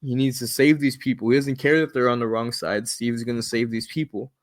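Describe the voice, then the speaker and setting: Man, podcast co-host, casual plot recap, acts out quoted lines, mid-pitched voice. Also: fairly quick. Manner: animated retelling with quoted lines.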